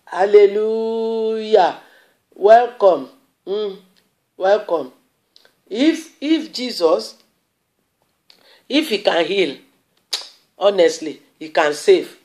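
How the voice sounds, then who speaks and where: A woman's voice: medium pitch, lively intonation, drawn-out words, long pauses, darkish tone. A woman pastor with a Nigerian accent preaching a sermon, repeating phrases emphatically with bursts of exclamation and dramatic storytelling. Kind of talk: sermon with prayer.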